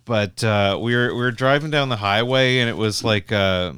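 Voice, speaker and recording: A man's voice: lowish voice, moderate pace, a bit bright, smooth, no room sound, studio quality. A young Canadian man telling long, rambling road stories in casual chat, swearing freely and full of "like" and restarts.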